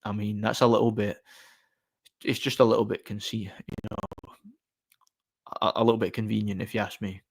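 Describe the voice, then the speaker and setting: A man's voice: fairly low pitch, little pitch movement, moderate pace, gravelly, long pauses. A man chatting casually on a live stream, answering chat in a blunt, opinionated, rambling way.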